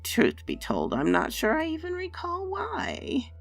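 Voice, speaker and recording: A woman voicing a cruel old witch who cackles and mocks in a shrill, loud voice over faint music. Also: huge pitch swings, a little slow, vocal fry, heavily acted. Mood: gleeful mockery. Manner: mocking, gleeful, loud.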